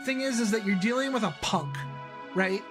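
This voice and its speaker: High-voiced man, casual commentary. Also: moderate pace, music in the background. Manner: rambling, explaining his own game. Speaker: game developer streamer.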